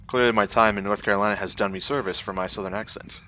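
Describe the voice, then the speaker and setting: A man's voice: on the low side, steady tone, fast talker, hardly any pauses, sharp tone. A man giving casual, muttered commentary while playing a game. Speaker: gameplay commentator. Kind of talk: casual let's-play commentary.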